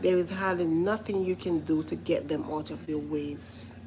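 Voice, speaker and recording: A woman's voice: deep voice, fairly even intonation, moderate pace, crowd noise, rough recording. A woman giving casual commentary to live viewers, earnest and repetitive, often stopping to say listen. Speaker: vlogger reacting to a reality show.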